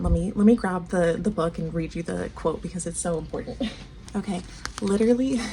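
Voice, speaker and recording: A woman's voice: mid-range voice, gravelly, dark tone, a little hiss or hum. A woman giving a casual one-on-one tarot reading. She is gushing and affectionate, laughs often and talks with frequent ums and repeated words. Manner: gushing and affectionate, calls the listener babe; emotional, near tears, laughs often. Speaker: tarot reader.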